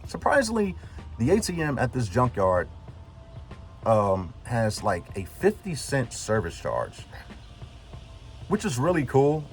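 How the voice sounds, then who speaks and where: A man's voice: medium pitch, huge pitch swings, slow, pauses often, faint music behind. A man telling a story casually as a vlogger, rambling with lots of fillers and acting out what people said. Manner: rambling, full of "like" fillers, retells dialogue. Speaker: vlogger, truck builder.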